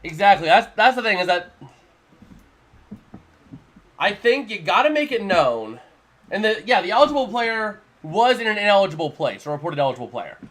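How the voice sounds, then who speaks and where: High-voiced man calling live scores. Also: a bit bright. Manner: rambling, repeats himself, casual. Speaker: live stream commentator. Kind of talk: live play-by-play and analysis.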